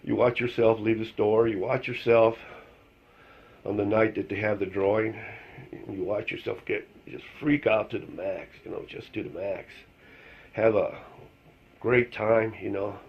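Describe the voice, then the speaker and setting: Gravelly, rambling man on lo-fi audio. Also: on the low side, fairly even intonation, a little slow. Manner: rambling, full of fillers, chuckles at his own story. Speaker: storyteller telling a joke. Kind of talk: casual unscripted monologue. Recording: dull lo-fi recording.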